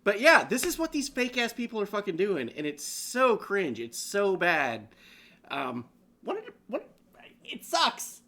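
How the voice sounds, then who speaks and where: This co-host's voice is high-pitched and unhurried. On a casual online news show, he rants about what he's showing, laughing often and swearing freely in animated, profane commentary.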